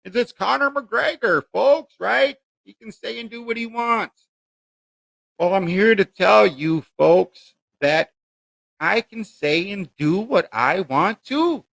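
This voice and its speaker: A man's voice: high voice, expressive, slow, gravelly, fairly bright tone. A man hosting a podcast monologue, preachy and indignant, firing rhetorical questions at his listeners. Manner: preachy and emphatic, keeps addressing listeners as folks. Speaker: podcast host.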